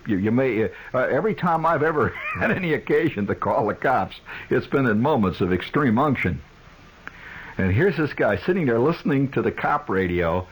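A man's voice: fairly low pitch, a little hiss or hum, low-quality recording. A man hosting a radio talk show, delivering a rambling, sardonic monologue full of "uh" fillers and restarts.

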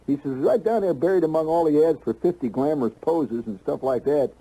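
A man's voice: a little high, fairly quick, warm tone, slightly rough, rough recording. A man telling a long comic story on stage, rambling with lots of "you know" and restarts.

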